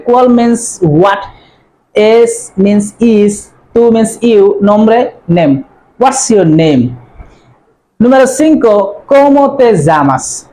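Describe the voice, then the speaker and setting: Woman teacher, slow and deliberate, repeats each phrase, mid-pitched voice. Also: mellow, rough recording. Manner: repeats phrases slowly, drawing out words. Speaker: language teacher. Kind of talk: slow spoken language lesson.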